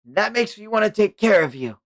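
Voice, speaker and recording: Brash ninja leader guy a man doing the voice way up high, yelling orders, super lively. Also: a little fast, no echo, clean studio sound. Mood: fond. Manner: urgent, shouting orders. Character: brash loud young male ninja leader.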